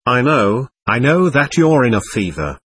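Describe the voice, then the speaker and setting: Man reading as a domineering gushing lady, husky voice, lively swings in pitch, dry sound. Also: measured pace, no room sound, full character voice. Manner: effusive, lecturing, talks over others. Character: gushing, domineering middle-aged lady patron.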